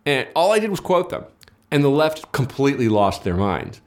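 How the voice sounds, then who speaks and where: A man of ordinary pitch talks as the guest in a loose political discussion. He argues with emphasis and drive, stacking repeated words and restarts as he builds each point. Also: big pitch swings, moderate pace, a little mellow. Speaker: interview guest. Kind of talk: casual political conversation.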